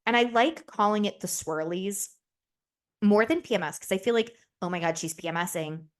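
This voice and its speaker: A young woman talks through a solo podcast in loose, candid chat. She swears freely and slips into quick voices for the people in her stories. Her voice sits in a middle register. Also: medium pitch. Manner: chatty, candid and profane, acts out quoted voices. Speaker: podcast host.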